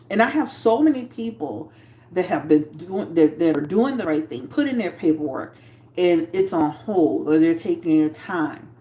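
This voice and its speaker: A woman hosting a casual livestream, talking with emphatic, animated energy and swearing. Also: mid-range voice, reverberant, slight background noise. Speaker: tarot reader and livestream host.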